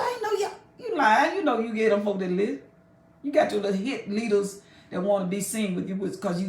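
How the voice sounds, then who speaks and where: A woman with a gravelly, medium-pitched voice preaches, expounding a chapter of the Bible. She is emphatic and folksy and speaks directly to her listeners. The room is echoey and the mic sits far away.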